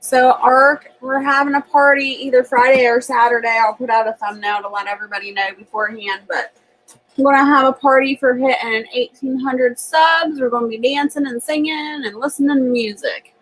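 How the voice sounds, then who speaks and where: A woman's voice: high voice, steady tone, normal speed, fairly bright tone, rough recording. A woman hosting a homestead channel, chatting casually on a live stream from her home kitchen and laughing often as she reads viewer comments.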